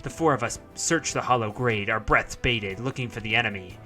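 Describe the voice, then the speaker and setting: A man's voice: on the low side, a little fast, pushed and bright, faint music behind. A young man reading a visual novel aloud as narration, with casual asides and fillers between passages. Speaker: visual novel let's-player.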